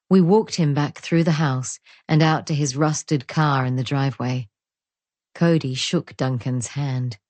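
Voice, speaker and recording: A woman narrating a first-person audiobook in a calm, measured way. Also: low voice, no echo.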